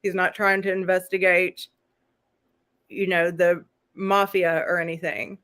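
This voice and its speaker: A woman hosting a live-stream chat, retelling a story in a loose, rambling way. She chats casually, breaks off with quick laughing asides, and keeps the tone conversational throughout. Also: on the low side, little pitch movement, fairly bright tone. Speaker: host.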